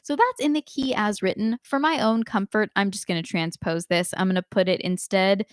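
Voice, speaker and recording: A woman giving a live online singing lesson, explaining clearly and demonstrating phrases by speaking and singing them. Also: medium pitch, moderate pace, dry recording. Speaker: singing teacher.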